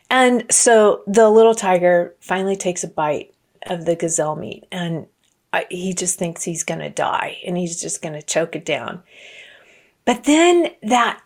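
A woman giving a motivational talk and telling a fable in an earnest way, with frequent restarts. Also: fairly low pitch. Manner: earnest, many restarts and fillers. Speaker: motivational speaker.

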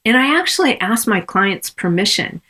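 Woman, coach, podcast lesson, measured, reflective, frequent ums, mid pitch. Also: big pitch swings, pushed and bright. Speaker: coach and consultant. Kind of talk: podcast teaching on coaching conversations.

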